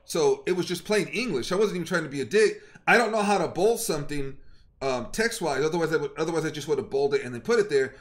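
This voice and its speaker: A male streamer ranting to his live chat, with a high voice that leaps all over the place. He swears constantly and talks in a confrontational, worked-up rush. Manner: profane and confrontational; fast, worked-up storytelling. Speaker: game streamer. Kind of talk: heated live-stream rant.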